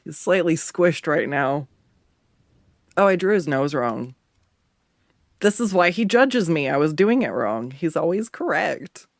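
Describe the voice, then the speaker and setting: A man with a slightly high voice chats casually while he draws on a livestream. He laughs often and jokes about himself. The sound is dry and close, from a desk microphone. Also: sing-song, measured pace, gravelly, pauses often, no room sound. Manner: laughs often, self-mocking and chatty. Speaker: art streamer. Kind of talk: casual chat while drawing on stream. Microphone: desktop USB condenser mic.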